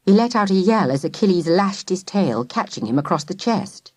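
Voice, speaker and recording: Woman narrator, animated storybook reading, dry close mic. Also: on the low side, a little fast, few pauses, dry recording. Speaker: audiobook narrator.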